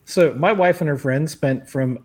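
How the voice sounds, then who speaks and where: A man's voice: fairly high pitch, normal speed, slight background noise. A man in his thirties co-hosting a podcast, telling rambling stories in casual banter and swearing freely. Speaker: podcast co-host.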